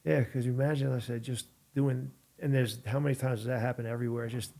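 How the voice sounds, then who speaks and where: Fast-talking man in rambling chat. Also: medium pitch, steady tone, vocal fry, mellow. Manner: rambling, chatty. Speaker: podcast guest. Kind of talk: casual chat.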